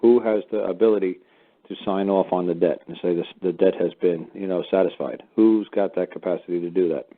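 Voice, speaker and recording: A man's voice: sits low, fairly even intonation, fairly quick. A man hosting a call-in radio show, blunt and profane, lecturing callers. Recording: phone-like narrow sound.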